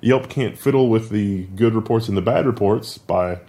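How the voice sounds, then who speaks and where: A man co-hosting a casual tech news show, talking quickly with frequent laughs and sarcastic asides. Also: on the low side, warm tone.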